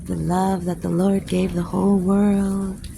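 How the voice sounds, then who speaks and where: A woman's voice: medium pitch, flat delivery, unhurried, creaky, noisy background. A woman poet teaching a casual spiritual class outdoors. She speaks candidly, swears freely, and laughs often. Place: outdoors, with planes passing overhead.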